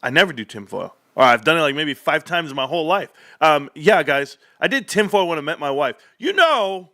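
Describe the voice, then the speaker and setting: High, bright-voiced ranting stream host. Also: male voice, a little fast, few pauses. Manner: animated, rambling, laughs often. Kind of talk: casual livestream rant.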